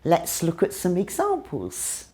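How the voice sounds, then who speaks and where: Slow, very expressive British woman teacher. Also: on the low side, faint music behind. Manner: careful, exaggerated demonstrations of sounds. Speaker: English teacher. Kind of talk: scripted pronunciation lesson.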